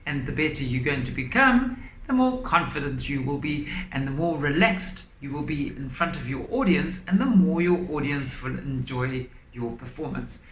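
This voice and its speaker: A woman's voice: deep voice, lively intonation. Woman teacher in an echoey room. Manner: clear, deliberate teacher's delivery with stressed words. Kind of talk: instructional lesson for children. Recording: echoey room, faint background noise.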